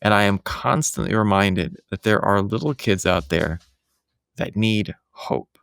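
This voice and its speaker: A man's voice: on the low side, measured pace, gravelly, fairly bright tone, clean tone, no room sound, clean studio sound. A man who hosts podcasts, talking in a casual conversation from his home office and sharing earnest, reflective stories.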